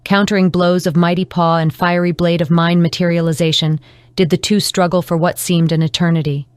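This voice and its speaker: A woman narrating an audiobook in a measured, dramatic reading. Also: fairly low pitch, little pitch movement, darkish tone, clean tone, no echo, clean studio sound. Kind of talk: scripted narration.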